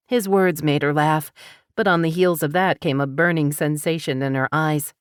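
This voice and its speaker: Low-voiced woman narrating a novel. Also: clear, resonant tone, dry recording, studio quality. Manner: measured, even storytelling. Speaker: audiobook narrator. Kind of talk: scripted narration.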